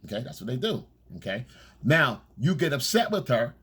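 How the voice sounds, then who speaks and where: A man talks through a casual coaching monologue on dating, blunt and peppered with profanity. He keeps checking in with "okay?" and "all right?" between points. His voice sits at a middling pitch with a husky grain. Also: sing-song, moderate pace, fairly bright tone.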